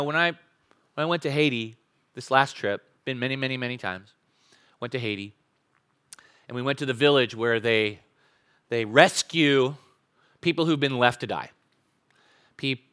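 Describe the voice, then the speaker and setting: Male pastor, higher voice, bright and forceful; preaches with big swings in volume. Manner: animated preaching, swings from loud to soft. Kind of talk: sermon.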